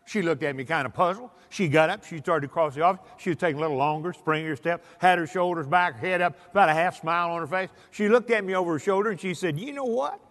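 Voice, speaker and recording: A man's voice: on the high side, fast talker, few pauses, a bit bright. A man giving a folksy motivational speech to an audience, telling stories. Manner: folksy storyteller, acts out voices. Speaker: motivational speaker. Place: large hall with audience. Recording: hall reverb.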